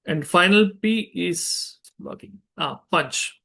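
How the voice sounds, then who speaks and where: A man's voice: high voice, slow pace, vocal fry, hardly any pauses, sharp tone. A man with an Indian English accent giving an online public speaking workshop, earnest and emphatic, with frequent fillers. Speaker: speaker and trainer.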